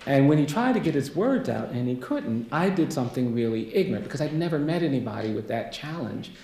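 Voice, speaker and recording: An American man delivers a keynote as a lawyer for people on death row. His voice is gravelly and his telling is hushed and earnest, and he builds to refrains he repeats. The stage microphone catches a roomy hall echo and a faint hiss. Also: medium pitch, very animated, a little fast. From United States. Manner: quiet, earnest storytelling with rhetorical repetition. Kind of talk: personal storytelling keynote. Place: lecture hall.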